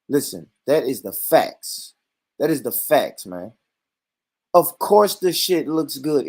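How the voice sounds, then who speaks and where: A man's voice: high-pitched, a little mellow. A man with an African American English accent hosting a casual discussion, talking bluntly and emphatically with heavy profanity. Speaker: host. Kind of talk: casual talk-show discussion.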